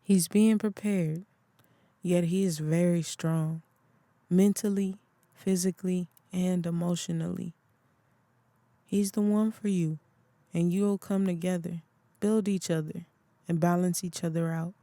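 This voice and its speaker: A calm, motherly older woman offers soothing, assured counsel in an audiobook. She speaks slowly and warmly, with a mellow, close, dry sound, voiced by the reader. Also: mid-range voice, no echo, close to an everyday voice. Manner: soothing, assured, calls others child. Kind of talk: audiobook character voice.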